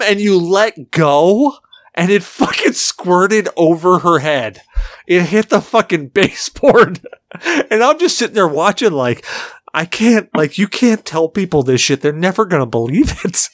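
A man with a lively, swooping voice tells a story on a podcast, cursing and laughing through it. He sounds drunk, and the sound is dry and close. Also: high-pitched, unhurried, no echo. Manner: profane, laughing, animated storyteller. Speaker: podcast co-host. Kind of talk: casual chat, storytelling.

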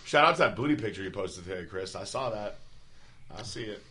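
A man's voice: on the low side, brisk, slightly rough. A man co-hosting a podcast, chatting casually and retelling stories with acted-out quotes. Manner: animated storyteller who acts out quotes. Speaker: podcast co-host. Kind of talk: casual chat.

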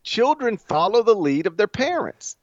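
On a laid-back sports podcast, this middle-aged co-host teases his partner and wanders through anecdotes in a high voice with big swings in pitch. He talks at a normal speed, and the audio is echo-free yet dull and lo-fi.

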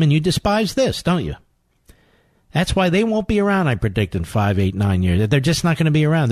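A man's voice: a little high, a little mellow, dry recording, studio quality. A man hosting a political talk radio show, commenting in a sarcastic, mocking way and breaking into exclamations.

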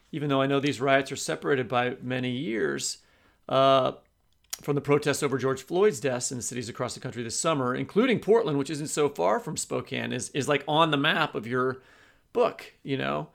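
A man's voice: a little high, vocal fry, fairly bright tone. A man co-hosting a podcast, asking a guest about his book in casual, loosely worded chat. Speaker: podcast co-host.

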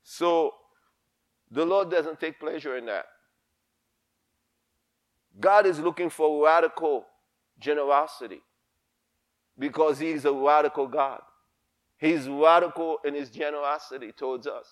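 Pastor, male, high voice, preaches with fire and repetition. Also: a little slow, long pauses. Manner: impassioned, emphatic, repeats himself. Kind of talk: sermon.

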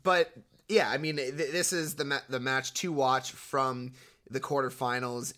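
A man's voice: mid-range voice, steady tone, unhurried, pushed and bright. A man co-hosting a casual tennis podcast, emphatic and opinionated. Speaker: podcast co-host. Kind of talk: casual sports podcast chat.

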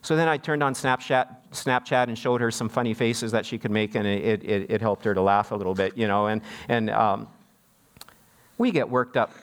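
A man's voice: fairly low pitch, normal speed. Conversational male pastor preaching. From Canada. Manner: conversational, repeats words when restarting; mimics others in a raised voice when quoting. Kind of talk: sermon.

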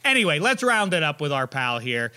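A man hosting a casual sports podcast, joking loudly and running a quiz game. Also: on the high side, a little fast, clear, resonant tone. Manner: loud, joking, animated. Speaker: podcast host.

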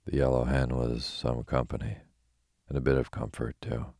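A man reading a bedtime story aloud in a calm, steady narration. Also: very deep voice, moderate pace, no echo, studio quality.

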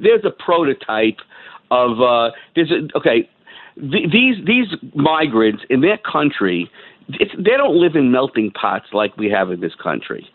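A man calling in to a radio talk show, ranting in an agitated, halting way with lots of restarts. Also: mid-range voice, no echo. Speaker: caller. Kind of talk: call-in radio rant. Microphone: phone. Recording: tinny phone line.

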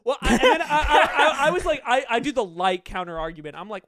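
A man co-hosting a podcast, telling stories in casual chat, animated and laughing often. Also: extremely high pitch, fast talker, few pauses, no room sound, clean studio sound. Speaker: podcast co-host.

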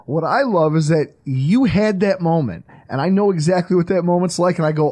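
A man hosting a casual podcast chat, animated and openly emotional, laughing often. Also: on the high side, brisk, few pauses. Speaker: podcast host.

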